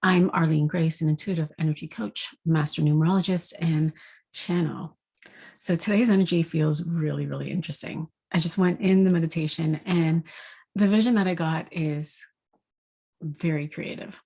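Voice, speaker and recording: Breathy woman telling a gentle story. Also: low voice, fairly even intonation, normal speed. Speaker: intuitive energy coach. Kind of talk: spoken forecast with storytelling.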